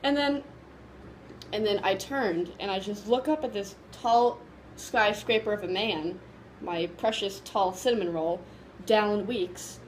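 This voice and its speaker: A woman vlogger casually telling a story to camera, excited and gushing, rambling with lots of fillers. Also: medium pitch, unhurried, slight background noise, poor audio.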